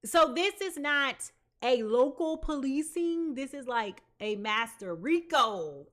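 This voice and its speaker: Bright-voiced chatty woman tarot reader. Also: sits high, slow pace, hardly any pauses. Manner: chatty and slangy, addresses viewers as y'all and child; animated, swings between loud and soft. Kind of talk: live tarot reading monologue.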